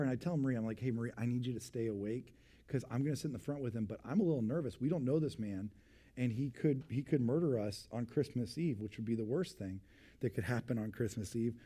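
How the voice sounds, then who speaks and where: A man's voice: medium pitch, quick pace, husky. A man in his twenties, a pastor, telling a personal story in a sermon and acting out the voices of the people in it. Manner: animated storyteller, acting out voices, drops to a hushed tone for suspense.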